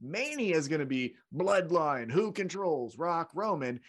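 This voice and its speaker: A man co-hosting a casual wrestling podcast, animated and quick to act out the people he talks about. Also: fairly high pitch. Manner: animated, acts out wrestlers with loud put-on voices. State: unemployed. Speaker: podcast co-host.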